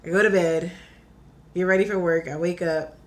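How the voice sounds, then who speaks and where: A young woman tells a story in easy, casual talk. Her voice sits a little low for a woman. She keeps it lively and fills it with "like", slipping into the voices of her own quotes. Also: moderate pace. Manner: animated, says "like" a lot, acts out her own quotes. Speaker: podcast guest.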